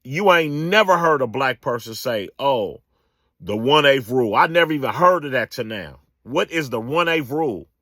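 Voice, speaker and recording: A man's voice: a little high, lively intonation, moderate pace, hardly any pauses, sharp tone, no room sound, clean studio sound. A man, giving a casual, emphatic political rant full of slang and repetition. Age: 40s. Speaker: political commentator.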